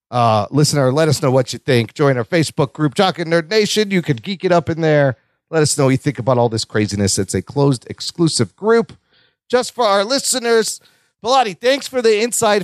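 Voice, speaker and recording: A man hosting a podcast, talking in an excitable, casual way and swearing now and then. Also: mid-range voice, dry recording, clean studio sound. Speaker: podcast host.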